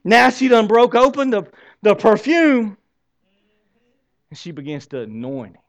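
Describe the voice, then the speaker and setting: Pastor guy preaching a sermon, fairly high voice, goes loud then drops way down to almost a whisper. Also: big pitch swings, measured pace. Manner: preaching, voice swinging from loud to hushed.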